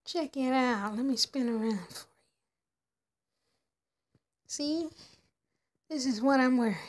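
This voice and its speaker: A woman's voice: sits high, takes it slowly. A woman voicing a showy young female doll heading out clubbing, talking in a playful, show-off way. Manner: playful, showing off, chatty. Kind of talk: doll play narration.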